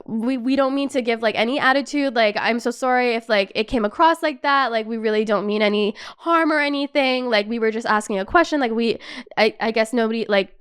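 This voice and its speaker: Young woman, high voice, smooth clear tone, animated storytelling, swears a lot, casual chat host. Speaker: podcast host.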